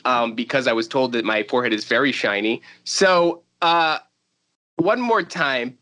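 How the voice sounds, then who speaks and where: A man's voice: mid-range voice, measured pace, pushed and bright. A man hosting a podcast in casual chat, joking and teasing his guests and laughing often. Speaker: podcast host.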